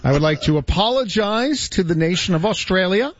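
High-voiced playful sports radio host. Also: male voice, animated, a little fast, a crowd in the background. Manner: playful, self-mocking. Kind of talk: casual radio chat, reading listener tweets. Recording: dull lo-fi radio audio with faint music.

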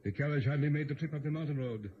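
A man's voice: on the high side, racing, close to an everyday voice. A man playing a self-important police inspector in an old radio drama, speaking in a commanding, impatient and somewhat pompous way. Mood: brisk. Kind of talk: 1940s radio acting. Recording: dull old radio broadcast with faint hiss.

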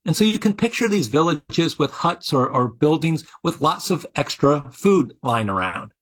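A man's voice: fairly high pitch, very animated, normal speed. A middle-aged man, a biology professor, giving interview answers in an explanatory way with frequent restarts.

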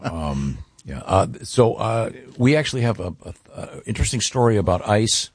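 Low-voiced rambling male co-host. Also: big pitch swings, normal speed, husky, no room sound, studio quality. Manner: rambling, hesitant, full of restarts. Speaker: radio show co-host. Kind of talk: casual studio banter. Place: radio studio.

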